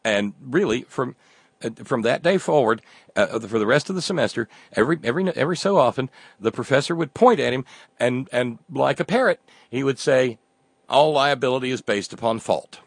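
A male commentator delivers a sarcastic satirical monologue with a lively, swinging pitch. He stammers and restarts his phrases often. The sound is dry and close. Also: fairly quick, gravelly, husky, no echo.

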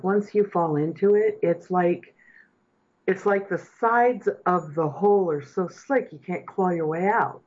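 A woman's voice: fairly low pitch, breathy edge, highs cut off. Impassioned female talk radio host. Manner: earnest, impassioned, building to emphatic points. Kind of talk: political talk radio commentary.

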